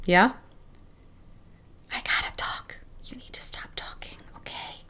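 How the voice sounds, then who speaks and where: A woman's voice: moderate pace, pushed and bright, whispered. A woman hosting a crafting channel, walking through a miniature build step by step in a friendly way. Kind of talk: craft tutorial narration.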